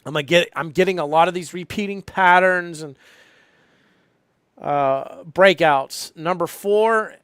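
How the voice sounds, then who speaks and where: A man's voice: high-pitched, measured pace, a bit bright, clear, resonant tone, no room sound, studio quality. A young man live streaming about trading, talking casually and rambling with lots of swearing and fillers. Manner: profane, rambling, frequent fillers.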